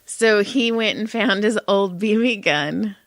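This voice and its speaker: A woman's voice: medium pitch, slow pace, no echo, clean studio sound. A woman co-hosting a podcast, telling a story casually with frequent laughter and swearing. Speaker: podcast co-host. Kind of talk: casual chat.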